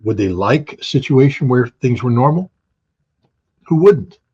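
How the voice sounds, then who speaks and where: A man's voice: mid-range voice, normal speed, darkish tone, slightly rough, lo-fi sound. A man speaking as an interview guest, blunt and emphatic, firing off rhetorical questions and answering them himself. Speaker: guest commentator. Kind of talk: opinionated interview talk.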